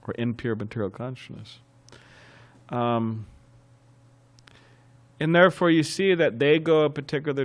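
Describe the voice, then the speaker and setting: A man giving a scriptural class as a sermon, telling anecdotes in a lively way, chuckling and often restarting phrases. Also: medium pitch. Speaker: temple class speaker. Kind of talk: sermon with storytelling.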